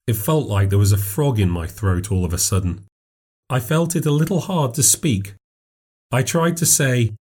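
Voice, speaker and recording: A man narrating a ghost story in a measured, steady way. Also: medium pitch.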